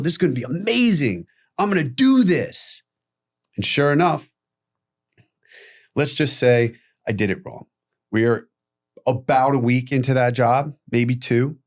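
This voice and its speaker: Man telling a candid story, animated. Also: mid-range voice. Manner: animated retelling with profanity, acting out quoted voices. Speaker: podcast guest.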